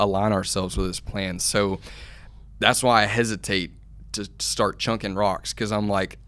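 A man with a lowish voice talking about faith on a casual podcast. He gets animated as he goes and builds to fired-up emphasis. He speaks as a co-host answering his partner. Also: a little slow, clean tone.

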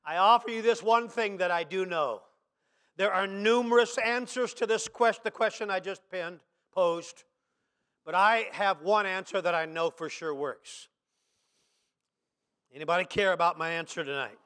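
A man preaching a sermon to his church, posing rhetorical questions and building into shouts. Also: high-pitched, moderate pace, clear, resonant tone. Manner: impassioned preaching that swells into shouts; asks the congregation rhetorical questions. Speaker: pastor. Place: church service.

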